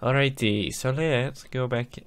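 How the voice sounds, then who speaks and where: A young man casually narrating his own gameplay in a relaxed, rambling way, having just woken up. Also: medium pitch, unhurried, smooth. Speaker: gaming YouTuber. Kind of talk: casual Minecraft let's play.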